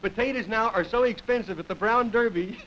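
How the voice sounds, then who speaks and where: A man's voice: high-pitched, fairly quick. A man hosting a comedy show, giving a rambling, folksy stand-up monologue and chuckling at his own jokes before a studio audience. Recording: dull lo-fi 1950s television audio with loud hiss. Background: studio audience laughter.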